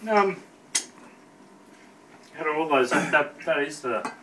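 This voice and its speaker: A man's voice: a little high, animated, takes it slowly, sharp tone. A man hosting a casual hot sauce tasting and chatting with friends about the heat. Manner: coughing, eyes watering from spice. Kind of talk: casual chat while tasting. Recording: echoey room, from far off, faint noise.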